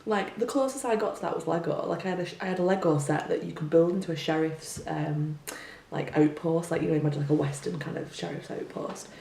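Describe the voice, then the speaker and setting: A woman's voice: lowish voice, fast talker, vocal fry, warm tone. A young woman, a teacher, talking casually and full of rhetorical questions, with many filler words. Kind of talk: casual opinion monologue. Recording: distant mic in an echoey room with faint hum.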